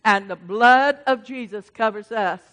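A woman preacher giving a fervent sermon, calling out to the congregation and swinging from shouts to hushed asides. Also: fairly high pitch, measured pace. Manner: addresses the congregation directly.

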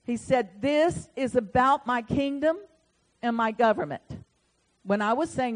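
Woman, preacher, sermon, slightly high voice, storytelling, fervent proclamation. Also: expressive, normal speed, poor audio. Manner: storytelling, rising to loud proclamation.

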